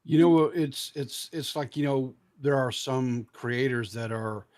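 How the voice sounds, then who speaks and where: A man co-hosting a podcast, talking in a measured, hesitant way full of fillers. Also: medium pitch, a little mellow. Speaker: podcast co-host. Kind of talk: casual chat.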